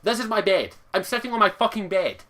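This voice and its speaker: A Scottish man sits on his bed and rants at the camera, cursing at nearly every turn. His voice sits high for a man and rings bright and sharp, with angry outbursts breaking through again and again. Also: animated, fairly quick. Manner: swears constantly, exasperated, loud outbursts. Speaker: vlogger. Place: his bedroom, sitting on his bed. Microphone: camera across the room.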